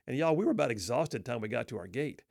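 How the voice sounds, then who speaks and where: A man's voice: medium pitch, lively intonation, fast, creaky, darkish tone, dry recording, clean studio sound. A middle-aged man telling a humorous personal story in a wry, self-deprecating, folksy way.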